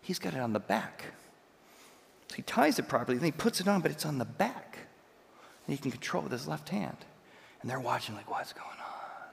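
A man preaching a sermon as pastor, telling stories with lively swings between loud and quiet. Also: mid-range voice, a little fast, gravelly, long pauses, long reverb tail. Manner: animated storytelling, jumps between loud and soft.

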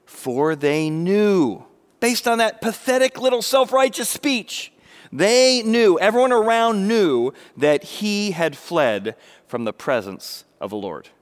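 A man's voice: high voice, takes it slowly. A middle-aged man preaching a sermon, acting out the people in the story. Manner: animated, acts out biblical speakers with raised voice. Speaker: pastor.

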